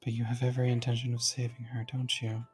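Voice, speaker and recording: A friend reading a visual novel aloud, voicing a calm, composed male guide from the dream world in a measured, slightly formal way. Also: medium pitch, faint music behind, lightly acted.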